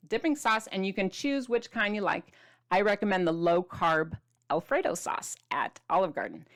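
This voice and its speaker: A woman's voice: mid-range voice, normal speed. A middle-aged woman hosting a casual food vlog, chatty and playful, showing food to the camera with the odd dramatic whisper. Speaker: keto diet author and host.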